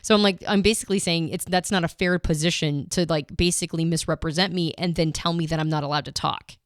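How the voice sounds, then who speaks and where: A woman's voice: fairly low pitch, steady tone, quick pace, dry recording, clean studio sound. A woman co-hosting a podcast, casually retelling a personal story, emotional and full of restarts and asides. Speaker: podcast co-host.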